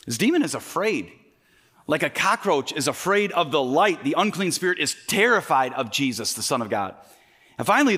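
A man's voice: fairly high pitch, pushed and bright. A male pastor preaching a sermon, building his points through emphatic repetition.

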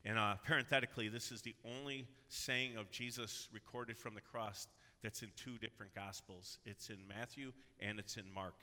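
A man preaching a sermon as pastor, earnest and building to loud, emphatic cries. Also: lowish voice, fairly even intonation, moderate pace. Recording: long hall reverb.

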